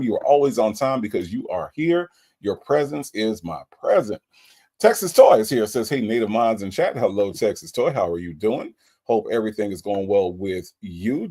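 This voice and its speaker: A man hosting a casual livestream, greeting viewers by name and reading their comments in a playful, teasing way. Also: on the low side. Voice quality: lively, playful, teasing delivery. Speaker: livestream host.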